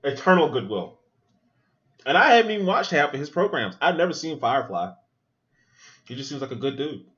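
A man's voice: fairly high pitch, very animated, a little fast, long pauses, a bit bright, dull audio. A man hosting a podcast, giving loose, joking, profane running commentary while he watches a film. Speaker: podcast host. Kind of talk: casual movie watch-along commentary.

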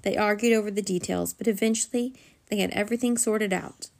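A woman reading a children's chapter book aloud in a gentle, steady storytelling manner. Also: mid-range voice, brisk, vocal fry. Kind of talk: bedtime story narration.

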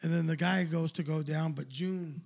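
High, gravelly man telling a rambling story. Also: steady tone, moderate pace, a little mellow. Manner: rambling, profane, laughs at his own story. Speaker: storyteller on a talk show. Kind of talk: casual chat, telling an anecdote.

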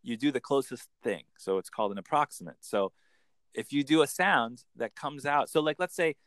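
A man, a coach explaining in an enthusiastic conversational interview with quick acted examples. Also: mid-range voice, a bit bright, dry recording. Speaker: accent coach.

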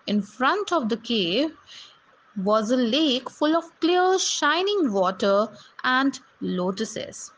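A woman reading a storybook tale aloud to schoolchildren, slowly and carefully, with small slips. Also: sits high, very animated, a bit bright. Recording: dull, lo-fi recording with faint noise.

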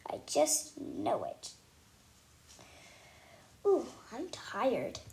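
Brief: woman storybook reader, lively narration, high voice, faint background noise. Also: very slow, vocal fry. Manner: lively first-person narration, casual asides. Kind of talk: reading a children's book aloud.

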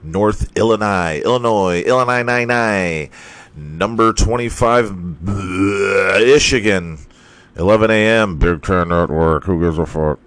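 A man's voice: sits low, takes it slowly, a bit bright, no room sound. A man hosting a sports podcast, reading college football scores in a casual, profane, ranting manner and laughing at his own slips.

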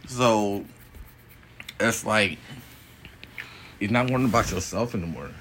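A man chatting casually on a podcast, laid-back, with short replies and quick bursts. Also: fairly low pitch, a bit bright, slight background noise, low-quality recording. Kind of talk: casual chat.

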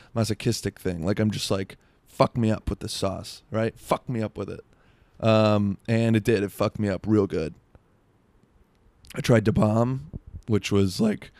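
A young man from South Florida, his voice on the low side, rambles through a crude comedic monologue packed with "like" and self-interruptions. There's no echo.

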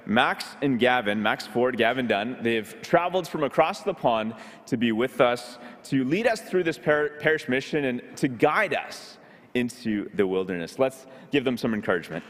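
A man's voice: mid-range voice, expressive, normal speed, fairly bright tone, in a large hall. A man at a parish, introducing two visiting speakers to the congregation in a playful, welcoming way. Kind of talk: church announcement.

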